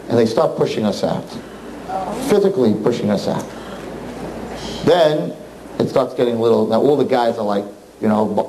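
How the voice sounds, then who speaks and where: A man, a rabbi, telling a story to an audience in an animated, emphatic way, often slipping into the voices of the people in it. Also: medium pitch, brisk, slight background noise, poor audio.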